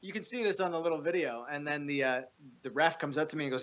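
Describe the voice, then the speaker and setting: A man as a podcast guest, telling stories in a casual, animated way, swearing freely and often restarting his sentences. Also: a little high, quick pace. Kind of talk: casual storytelling.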